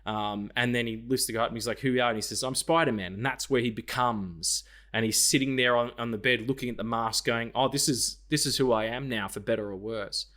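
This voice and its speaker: A man's voice: medium pitch, fairly even intonation, fairly quick, few pauses, pushed and bright. A man co-hosting a casual film podcast, swearing freely and acting out scenes in quoted voices. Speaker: podcast co-host.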